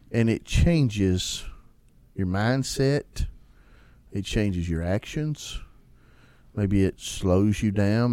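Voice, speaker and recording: A man co-hosting a casual podcast, teasing his partner in a playful way. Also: dry recording. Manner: playful, teasing, animated pitch swings. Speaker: podcast co-host.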